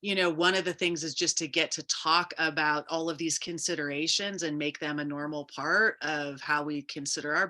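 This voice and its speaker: Woman guest, co-founder; deep yet bright tone, reflective and loosely rambling. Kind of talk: casual interview chat.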